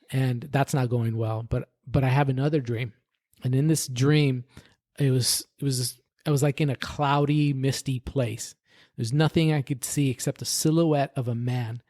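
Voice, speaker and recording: A man's voice: medium pitch, darkish tone, dry recording, studio quality. A man, a podcast guest, earnestly tells his personal faith story in conversation, often restarting sentences and adding "right?".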